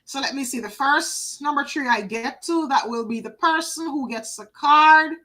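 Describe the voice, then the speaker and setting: A woman's voice: sits high, moderate pace, bright, forceful tone, rough recording. A woman doing a live oracle card reading, chatty, talking to viewers by name and repeating phrases for emphasis.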